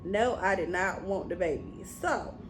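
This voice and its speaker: A woman's voice: mid-range voice, measured pace, slight background noise. A woman vlogger telling a candid, casual story to her camera, swearing freely.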